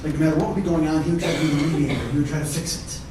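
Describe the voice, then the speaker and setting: A male comedian telling profane, animated stories on a theater stage, often laughing through his lines. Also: on the high side, rapid-fire, background noise. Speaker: stand-up comedian. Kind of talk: live one-man comedy storytelling. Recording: echoey hall from far off.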